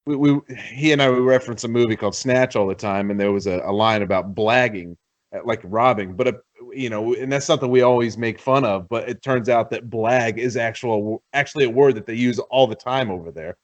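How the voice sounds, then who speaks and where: A man from Ohio hosts a podcast in relaxed conversation, his voice at a middle pitch. He jokes and teases his guests and laughs easily. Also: fairly quick, lo-fi sound. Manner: jokey, teasing, laughs often. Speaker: podcast host. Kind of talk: casual chat.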